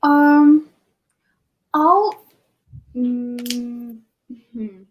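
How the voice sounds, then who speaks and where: A woman playing a tabletop role-playing game, speaking slowly and hesitantly and trailing off. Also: fairly high pitch, steady tone, slightly rough, low-quality recording. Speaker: player.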